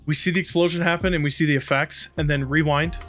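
A man's voice: fairly high pitch, steady tone, fast, fairly bright tone, faint music behind. A man co-hosting a podcast in casual chat, enthusiastic and joking, acting out quotes. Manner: enthusiastic, jokey, acts out quotes. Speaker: podcast co-host.

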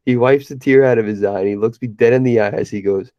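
A young man leans into a rambling story for his podcast co-hosts, full of "like" and easy laughter. His voice is dark and mellow, and the mic sounds dry and a little muffled. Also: mid-range voice, steady tone, fast talker, no room sound. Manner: laid-back storyteller, laughs often, many fillers. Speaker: podcast co-host. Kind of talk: casual chat.

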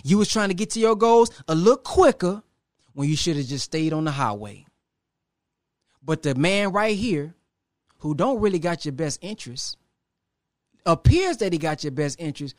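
High-voiced preacherly man. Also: lively intonation, no room sound, clean studio sound. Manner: preacherly, dramatic pauses, acts out voices. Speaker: motivational speaker. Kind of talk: motivational talk to a live audience.

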